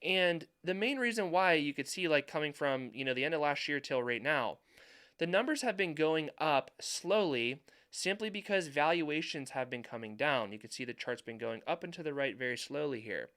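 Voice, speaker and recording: Male finance YouTuber, young adult, smooth clear voice pitched a bit high, emphatic commentary style. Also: animated, moderate pace, a bit bright. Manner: emphatic, repeats points for stress. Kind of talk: market commentary over charts.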